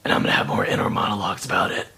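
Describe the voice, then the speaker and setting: Someone growling as a gravelly brooding tough-guy hero. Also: very fast, sharp tone, lightly acted. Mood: sullen mumble. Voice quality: deep gravelly mumble. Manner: mumbling, near-whispered growl.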